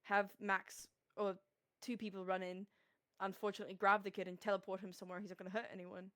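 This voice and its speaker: A woman in a casual tabletop game, animated and quick to question and plan. Her mid-pitched voice is recorded close and dry. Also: no room sound. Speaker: player. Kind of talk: casual tabletop role-play.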